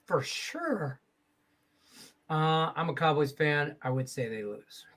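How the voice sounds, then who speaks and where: A man with a slightly higher voice hosts a relaxed sports betting chat, tossing out picks and jokes with casual swearing. His talk is loose and playful, moving between teams and banter with his co-hosts. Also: slow pace, pauses often. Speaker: sports betting show host.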